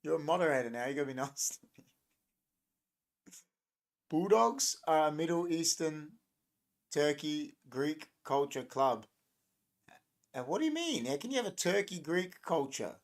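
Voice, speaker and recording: A man's voice: a little high, expressive, measured pace, pauses often. Young male streamer, loose and jokey, riffs on chat comments. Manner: rambling, joking, reacting to chat comments. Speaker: livestream host. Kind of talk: casual live-stream chat.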